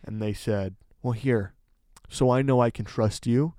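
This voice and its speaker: A man co-hosting a podcast, telling a story in a casual, animated way with lots of filler words. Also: medium pitch, unhurried, dry recording, clean studio sound. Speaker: podcast co-host.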